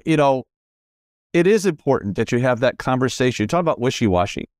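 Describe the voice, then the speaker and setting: A man's voice: medium pitch, no echo. Dry-sounding man telling stories. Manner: storytelling, animated quoting of others. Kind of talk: casual conversation.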